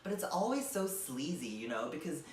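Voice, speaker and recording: A man's voice: fairly high pitch, big pitch swings, normal speed, a little hiss or hum. A young man performing a stand-up comedy set, with a rambling delivery full of fillers like "like" and "you know.". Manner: rambling, filler-heavy delivery with many likes and you knows. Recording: echoey room from far off.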